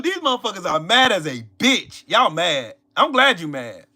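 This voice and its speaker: A man hosting a live stream, loudly taunting his viewers, mocking them in put-on voices and repeating himself. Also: high-pitched, big pitch swings, normal speed. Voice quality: loud, confrontational, mocking. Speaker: livestream host. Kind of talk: live-stream political rant.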